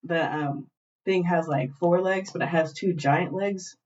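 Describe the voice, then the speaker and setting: A woman co-hosting a podcast, retelling a show in animated, profane casual chat. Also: on the low side, measured pace. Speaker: podcast co-host. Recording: dull lo-fi glitchy recording.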